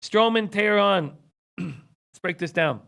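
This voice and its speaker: High-pitched man losing his voice. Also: animated, slow, creaky, sharp tone. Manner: reads viewer comments, rattles off stats. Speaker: sports betting show host. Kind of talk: casual sports betting talk.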